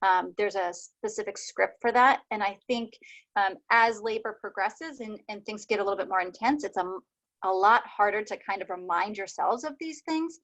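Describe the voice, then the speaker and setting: A woman's voice: medium pitch, normal speed, a bit bright, dull audio. A woman doula chatting casually over a video call, talking with lots of fillers. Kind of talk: casual group chat.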